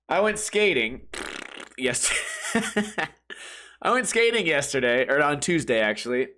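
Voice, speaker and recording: A man's voice: fairly high pitch, a bit bright. A man hosting a podcast, telling a crude, rambling comedic story and laughing at his own jokes. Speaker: podcast host. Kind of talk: casual comedic monologue.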